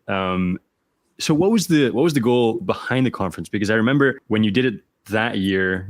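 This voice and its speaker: A man with a lowish voice speaks rapidly and eagerly, tossing in quick agreements while steering the interview. The sound is dry and close, with no room echo. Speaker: podcast host, interviewer. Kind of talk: casual interview chat.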